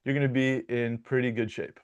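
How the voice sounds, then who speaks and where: A man's voice: mid-range voice, level tone, brisk, clear, resonant tone, muffled recording. A man from Michigan working as a dialect coach, explaining his ideas in a conversational interview, with frequent restarts and repeated words.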